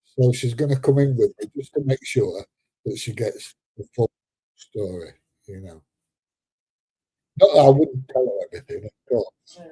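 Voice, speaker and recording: A seventy-year-old Englishman, a little bunged up, talks in a loose, joking way on his live stream. His voice is deep, mellow and very husky. The sound is close and dry, with no room around it. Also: moderate pace, long pauses, dry recording. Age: 70s. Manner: chatty and joking, laughs often, drops into slang. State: a bit congested. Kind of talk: casual live-stream chat reading viewer comments.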